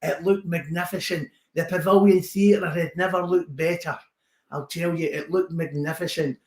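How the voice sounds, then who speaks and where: A man's voice: a little high, fairly even intonation, normal speed, darkish tone, reverberant, pitched above the performer's own voice, lightly acted. A man voicing a sentimental older male football fan with a Scottish accent, who talks emphatically and repeats himself for effect. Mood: proud, sentimental.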